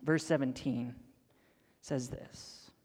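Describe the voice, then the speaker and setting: A young man preaching a sermon, telling a Bible story dramatically, sometimes dropping to a near-whisper and sometimes acting out excited voices. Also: mid-range voice, slow pace, husky. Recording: long hall reverb.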